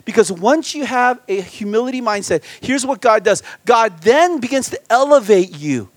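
A man preaching as a guest pastor at a church retreat, animated, swinging between loud emphasis and quiet asides. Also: very high voice, normal speed, dry recording. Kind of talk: sermon.

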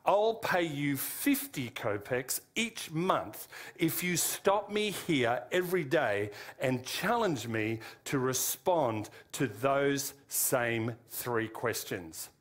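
A man with an Australian accent voicing a calm, thoughtful priest who speaks in a measured way. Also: mid-range voice.

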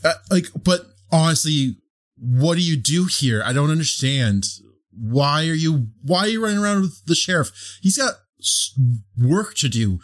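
A man's voice: fairly high pitch, lively intonation, moderate pace, voice pushed up, lightly acted. A man putting on a flustered Midwestern mayor. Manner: hesitant, exasperated, stammering. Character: flustered middle-aged male town mayor.

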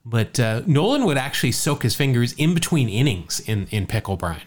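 A man's voice: mid-range voice, very animated, normal speed. A man co-hosting a casual podcast, telling a jokey baseball story, often stumbling and repeating words.

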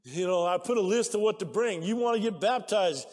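A man preaching a sermon as pastor, excitable, breaking into shouts and laughter. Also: high-pitched, a little fast, long reverb tail. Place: church sanctuary.

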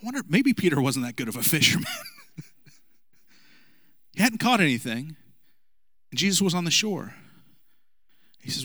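A man's voice: on the high side, big pitch swings, moderate pace, pauses often, a bit bright, no echo. A man in his thirties, a pastor giving a casual, joking sermon with asides to the congregation. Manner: conversational, jokey preaching with asides to the congregation.

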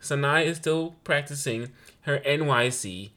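A man with a New York accent, co-hosting a podcast in casual chat, animated and acting out his children's voices in his stories. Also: a little high, a little slow. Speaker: podcast co-host.

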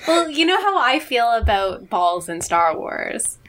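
A woman co-hosting a podcast, gushing and excitable in casual book-club chat. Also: on the high side, unhurried, noisy background.

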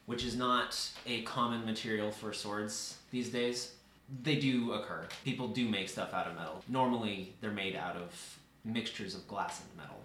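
A man narrating a tabletop game as game master, describing scenes in a measured, casual way. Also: lowish voice, fairly bright tone. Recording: roomy echo, faint noise.

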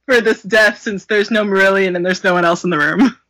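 A woman co-hosting a casual podcast chat, exasperated and quick to laugh. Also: medium pitch, fairly even intonation, a bit bright, no echo. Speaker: podcast co-host.

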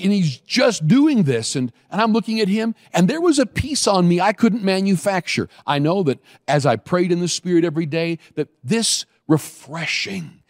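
A man preaching a sermon, telling a story with animated bursts and slowing right down on key phrases. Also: no room sound, clean studio sound. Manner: animated storytelling, acts out scenes with sudden high bursts.

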